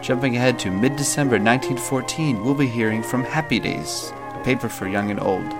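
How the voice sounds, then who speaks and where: A man's voice: mid-range voice, fairly quick, gravelly. A man introducing the next segment of a program in a plain announcing manner. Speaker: host. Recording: loud music under the voice.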